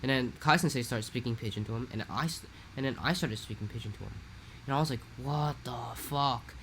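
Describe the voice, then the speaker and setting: A young man from Hawaii, telling a rambling, animated story in a casual podcast chat. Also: medium pitch, quick pace, a little hiss or hum. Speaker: podcast co-host.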